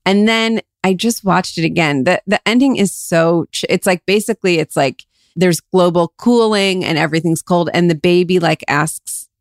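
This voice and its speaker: A woman's voice: fairly low pitch, moderate pace, dry recording, studio quality. A woman co-hosting a podcast, casually rambling through a retelling with lots of filler words. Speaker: podcast co-host. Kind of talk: casual chat.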